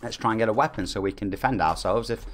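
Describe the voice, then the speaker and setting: A man's voice: fairly low pitch, quick pace, fairly bright tone, slight background noise. A man in his forties with an East Midlands English accent, chatting upbeat with viewers and reading out their names during a live game stream. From England. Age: 40s.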